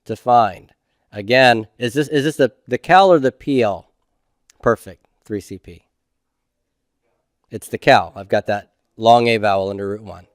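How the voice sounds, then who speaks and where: Middle-aged man, patient classroom lecturer, unhurried, dry recording. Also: fairly low pitch, no echo. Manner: slow, methodical, checks in with "okay?". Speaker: Hebrew instructor.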